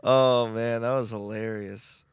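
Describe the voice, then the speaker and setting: A man's voice: on the low side, steady tone, slow pace, clean tone, no echo, clean studio sound. A young man co-hosting a podcast, laughing and teasing his friend in casual chat. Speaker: podcast co-host.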